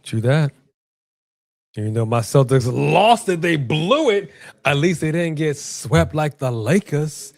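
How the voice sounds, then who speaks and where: A man's voice: fairly high pitch, animated, a little slow, vocal fry, no room sound. A man co-hosting a live wrestling watch-along, calling the action and joking in casual banter. He is from Los Angeles. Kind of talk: casual live-stream commentary.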